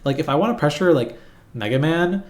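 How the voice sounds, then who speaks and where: A man's voice: on the high side, lively intonation, brisk, a little mellow. A man casually explaining a fighting game matchup while drawing on screen. He rambles, restarts often and laughs at his own jokes. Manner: rambling, self-mocking, laughs at himself. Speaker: competitive gamer explaining matchups.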